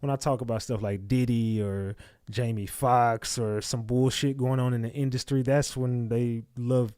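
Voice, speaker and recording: A man's voice: medium pitch, steady tone, normal speed, mellow, no room sound, studio quality. A man hosting a livestream, reading chat comments aloud and snapping back at viewers in blunt, profane casual talk. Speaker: livestream host.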